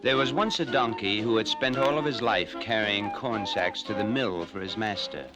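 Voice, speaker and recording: A man narrating fairy tales in an animated, expressive storytelling manner. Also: on the low side, normal speed, loud music behind the voice, poor audio. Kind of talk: scripted fairy-tale narration.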